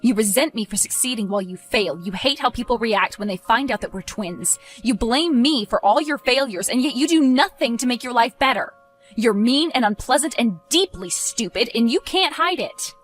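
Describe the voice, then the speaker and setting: A woman voicing a stressed teenage high school boy who talks tensely and pleads, then snaps into anger. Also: lively intonation, normal speed, faint music behind, close to an everyday voice. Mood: angry.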